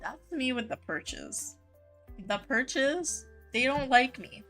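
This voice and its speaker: A woman's voice: high voice, big pitch swings, takes it slowly, bright, forceful tone, soft background music. A woman game streamer chatting casually with her viewers, full of "um" and "like" and easy laughs. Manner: chatty, filler-heavy with frequent 'like' and 'um', easy laughs. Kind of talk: casual live-stream chat reading chat messages.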